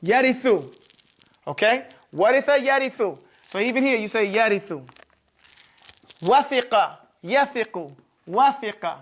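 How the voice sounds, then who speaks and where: A man's voice: extremely high pitch, animated, measured pace. A man teaching a classroom grammar lesson, repeating words and often checking that students follow. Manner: repetitive, checks understanding with "okay?" and "you follow me?". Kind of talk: classroom lesson, explaining at a board.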